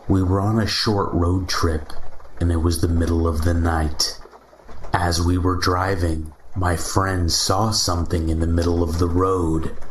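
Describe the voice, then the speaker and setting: Slow, deep-voiced male storyteller. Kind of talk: scripted story narration. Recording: roomy echo, faint hiss.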